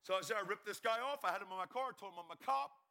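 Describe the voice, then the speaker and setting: A man from Pennsylvania giving a fast, urgent testimony sermon at a conference, breaking into sudden shouts. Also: high-pitched, gravelly. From York, Pennsylvania, US. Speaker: evangelist speaker.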